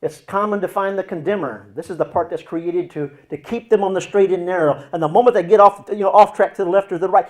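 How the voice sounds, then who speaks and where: Dramatic higher-voiced male counselor. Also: fairly even intonation, fast, hardly any pauses. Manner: dramatic, swings between loud and hushed delivery. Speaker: Christian counselor teaching. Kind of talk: teaching talk with acted examples.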